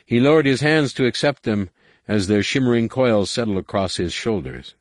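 A man reading an audiobook in a measured, dramatic narration. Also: mid-range voice, lively intonation, no echo, studio quality. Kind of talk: scripted narration.

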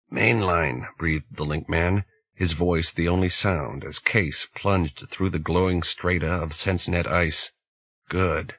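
Audiobook narrator: deep, husky male voice, dry close recording, measured delivery. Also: no room sound, poor audio. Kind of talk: scripted narration.

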